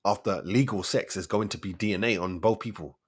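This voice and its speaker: A man's voice: lowish voice, a little fast, breathy edge. A man, hosting a casual solo commentary show, firing off rhetorical questions in street slang. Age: 40s. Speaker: host of a debate show.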